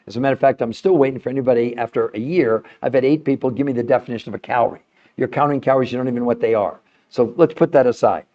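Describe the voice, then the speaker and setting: Emphatic older man on a dull stream. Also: rapid-fire. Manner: emphatic, salesy, pitch jumps high for emphasis. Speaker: host of a live stream. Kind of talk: live-stream talk to a chat audience.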